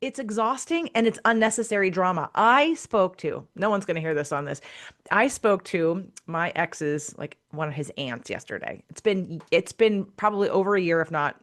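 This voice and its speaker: A woman's voice: fairly low pitch, expressive, normal speed, a bit bright. A woman hosting a casual podcast conversation, frank and blunt, who swears casually and acts out the voices of people she quotes. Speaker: podcast host.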